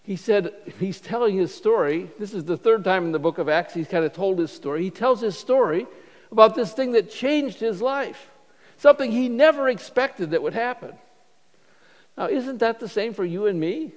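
Male pastor, high voice, casual restart-prone sermon delivery, long church reverb. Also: lively intonation, moderate pace. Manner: conversational preaching with frequent restarts. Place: church sanctuary.

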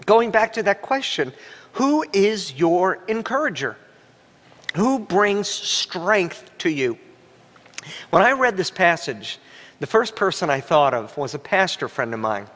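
A man pastor preaching a sermon, telling stories animatedly and breaking into a coughing fit now and then. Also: a little slow. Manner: animated storytelling, voice rising high when quoting himself. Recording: long hall reverb.

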